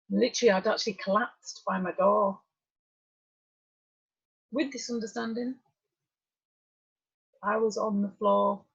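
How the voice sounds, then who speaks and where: A woman's voice: mid-range voice, creaky, breathy edge. A middle-aged woman from northern England telling a personal story to a group, candid and conversational with drifting asides. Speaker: workshop speaker. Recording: muffled lo-fi recording.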